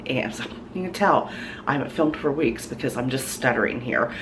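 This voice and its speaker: Chatty low-voiced woman cooking at home. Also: normal speed, background noise. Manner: chatty, with many ums and restarts. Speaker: cooking channel host. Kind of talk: casual cooking demonstration. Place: home kitchen, food sizzling in a pan.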